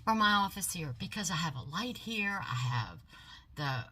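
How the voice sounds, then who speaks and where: An older woman, a haul vlogger, chatting in a folksy, animated way from her home office, recorded on a phone. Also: fairly low pitch, normal speed, slightly rough. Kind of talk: casual product haul chat.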